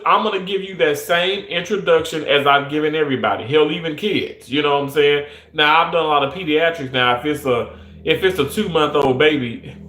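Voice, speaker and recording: Young man, earnest monologue, a bit high, echoey room. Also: lively intonation, brisk, a bit bright. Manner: earnest, emphatic, many restarts. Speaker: surgical technologist. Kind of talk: casual monologue.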